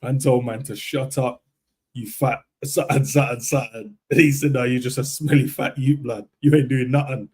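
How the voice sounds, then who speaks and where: A man's voice: mid-range voice, fairly even intonation, moderate pace, darkish tone, husky. A young man chatting casually about football, laid-back and slangy. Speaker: football podcast co-host. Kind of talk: casual chat.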